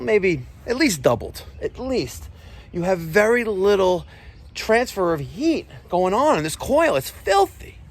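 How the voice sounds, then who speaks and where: Brief: New contractor, excited on-site vlog, slightly high voice. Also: male voice. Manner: excitable, exclaiming and laughing. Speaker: plumbing and HVAC contractor. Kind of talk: on-the-job vlog. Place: outdoors at a house.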